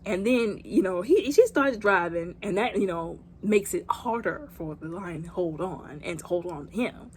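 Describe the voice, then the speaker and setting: A woman's voice: lowish voice, normal speed, few pauses, slight background noise. A woman giving a comedic movie recap, dramatic and sassy, with playful asides. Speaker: movie reviewer.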